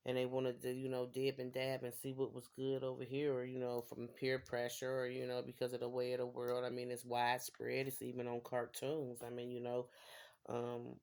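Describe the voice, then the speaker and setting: A woman's voice: extremely low pitch, monotone, normal speed, a little mellow. A woman giving a casual tarot reading to her viewers, rambling and repeating phrases for emphasis. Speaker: tarot reader.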